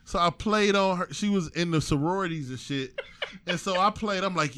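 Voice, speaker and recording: A man's voice: high voice, moderate pace, pushed and bright. A man co-hosting a podcast, telling stories in casual chat and laughing often. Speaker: podcast co-host.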